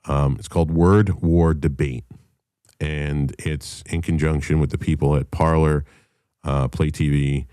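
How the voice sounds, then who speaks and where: Man, very deep, dark tone, profane heated monologue, dry recording. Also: steady tone, measured pace, smooth, no room sound. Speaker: podcast host. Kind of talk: casual monologue.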